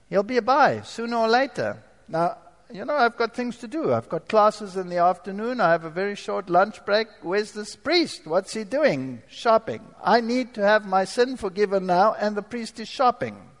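A man giving a dramatic testimony to an audience, moving from quiet asides to forceful outbursts. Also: sits high, in a large hall. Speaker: former professor giving a testimony.

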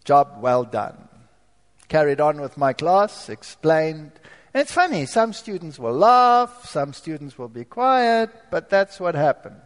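A man giving a dramatic testimony to an audience, moving from quiet asides to forceful outbursts. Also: on the high side, very animated, unhurried, long reverb tail. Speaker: former professor giving a testimony.

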